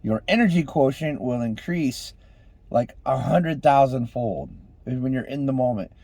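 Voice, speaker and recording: A man giving an impassioned motivational monologue, swinging between loud exhortation and hushed intensity, calling on the listeners as ladies and gentlemen. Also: medium pitch, expressive, a little slow, vocal fry, no echo. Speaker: street preacher-style motivational speaker.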